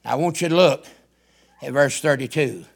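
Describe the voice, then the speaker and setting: An older man, a radio preacher delivering a fiery sermon that builds to shouts. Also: mid-range voice, moderate pace, vocal fry, breathy edge.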